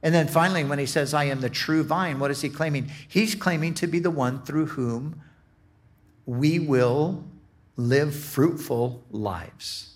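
A male pastor delivering a sermon, taking his time over every phrase. His voice sits a little higher than most men's, and he often restarts a sentence as he teaches. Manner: slow, deliberate teaching with many restarts.

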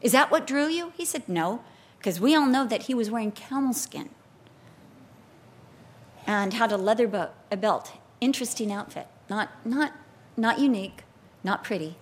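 High-voiced animated woman preaching. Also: moderate pace, pauses often. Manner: animated, expressive storytelling with acted-out quotes. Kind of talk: sermon.

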